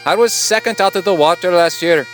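A man's voice: high-pitched, fairly quick, soft background music, voice pushed up. A man putting on a hammy Scottish brogue. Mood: hammy cheerful. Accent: put-on Scottish. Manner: loud, exaggerated, hammy. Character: cheerful male Scottish triathlete emailer. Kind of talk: comic reading of a listener email.

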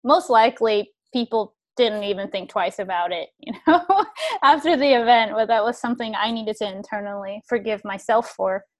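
A woman's voice: on the high side, moderate pace. A woman hosting a conversation, telling a personal story in an earnest, reflective way. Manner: earnest and reflective, with frequent restarts.

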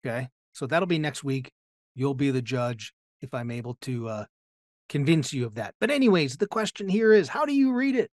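A man's voice: medium pitch, lively intonation, normal speed, a little mellow, no room sound. Man teaching on scripture, dry close sound. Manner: explanatory, asks the listener rhetorical questions. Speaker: Bible teacher. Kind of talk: teaching sermon.

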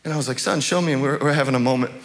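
A man's voice: mid-range voice, racing. A young adult male pastor preaching a sermon in a church, conversational and chuckling, with many fillers and restarts. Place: church sanctuary.

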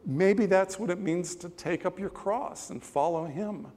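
A male pastor preaching a sermon in a relaxed, conversational way, with pauses and asides. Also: sits high. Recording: long church-hall reverb.

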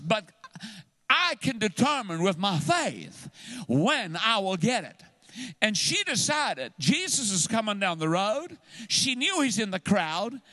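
A man preaching a sermon as a guest speaker, animated and exhortative, calling out to the church. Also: high-pitched, no room sound.

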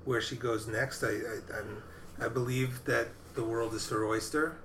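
A man's voice: medium pitch, fairly even intonation, measured pace, a bit bright, echoey room, a little hiss or hum. A man co-hosting a podcast, casually talking about movies in a rambling way that keeps restarting. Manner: rambling, self-interrupting. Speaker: podcast co-host. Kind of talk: casual film chat.

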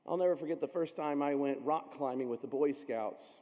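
A man's voice: on the high side, a little fast, hardly any pauses, warm tone, big-room sound. A man from Illinois preaching a sermon, telling stories dramatically and acting out the voices of the people in them. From Illinois, USA. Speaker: pastor.

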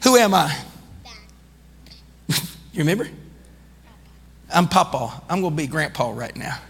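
A man preaching a sermon as pastor, calling out to the congregation and building into shouting. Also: on the high side, very animated, unhurried, breathy edge, long reverb tail. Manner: calls out to the congregation. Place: church sanctuary.

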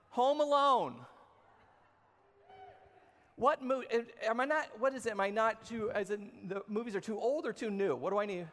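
Preaching with plenty of jokes, a man in his thirties keeps his sermon conversational and addresses his listeners head-on. He's a pastor whose high voice has a slightly bright edge. The recording has a long hall reverb.

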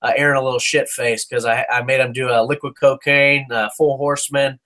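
A man's voice: medium pitch, flat delivery, fairly quick, pushed and bright. A man co-hosting a casual sports podcast, ranting with heat, swearing and stumbling over restarts. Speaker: podcast co-host.

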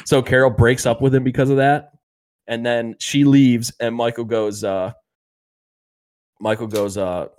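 A man's voice: medium pitch, level tone, moderate pace. Rambling young man retelling TV scenes. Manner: rambling storyteller, acts out quotes, many fillers. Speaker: podcast co-host. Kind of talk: casual chat recapping favorite TV episodes.

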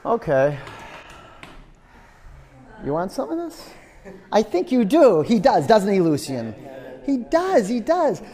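A man's voice: high voice, wildly swooping pitch, takes it slowly, long pauses, mellow. A man teaching a yoga class in a studio, counting down holds and coaxing students in a playful, encouraging way. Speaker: yoga instructor.

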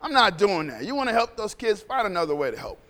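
A man's voice: high voice, sing-song, fast talker, a bit bright, voice pushed up. A man putting on the voice of a cocky gangster on death row, talking in a brash, dismissive way. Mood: defiant.

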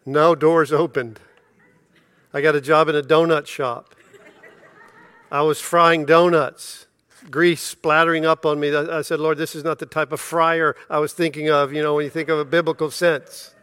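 A middle-aged man preaching a sermon, telling a self-deprecating personal story and acting out the dialogue with lively energy. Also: on the high side, moderate pace, smooth. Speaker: pastor.

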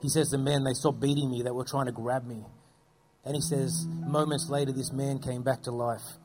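A man telling earnest faith stories as an interview guest, dropping his voice low at solemn moments. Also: flat delivery, normal speed, music in the background. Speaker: guest speaking about persecuted churches. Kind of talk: storytelling testimony.

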